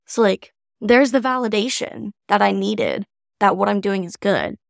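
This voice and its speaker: A woman's voice: medium pitch, expressive, unhurried, vocal fry, no room sound, studio quality. A young adult woman co-hosting a podcast, chatting casually with bubbly enthusiasm. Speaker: podcast co-host.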